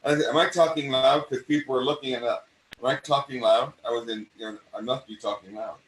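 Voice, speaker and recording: An older man with a mid-Atlantic accent, an acting coach hosting a conversation and talking in an animated way that often restarts and repeats phrases. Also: medium pitch, fairly quick, slight background noise. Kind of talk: casual conversation. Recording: roomy sound from a distant mic.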